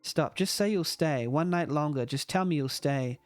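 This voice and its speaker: A man's voice: fairly high pitch, normal speed, no echo, soft background music, close to an everyday voice. A man reading aloud the lines of a lonely young man who is trapped in a dream, his voice hurt and pleading. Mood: desperate pleading.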